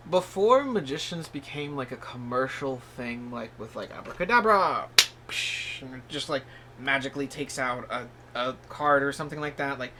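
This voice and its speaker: A man giving a casual tarot reading in a vlog. He talks in a rambling, encouraging way, full of "like" and "you know", and breaks into sudden high-pitched bursts of surprise. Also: moderate pace, background noise. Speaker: tarot reader.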